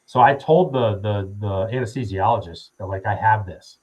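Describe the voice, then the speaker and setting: A man's voice: lowish voice, moderate pace, poor audio. A man in his thirties, a podcast guest, telling a story casually with lots of swearing and fillers. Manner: profane, rambling with many fillers.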